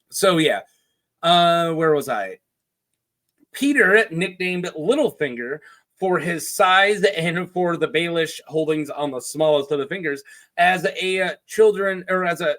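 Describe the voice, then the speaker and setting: A man casually retelling fantasy lore as a video host, chatty and joking with quick asides. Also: fairly high pitch, a bit bright. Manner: chatty, jokey asides with put-on quote voices.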